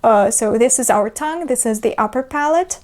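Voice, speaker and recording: A woman teaching pronunciation. She explains patiently, fills pauses with "uh" and repeats the example sounds. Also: on the high side, animated, a little mellow. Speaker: language teacher. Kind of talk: pronunciation lesson.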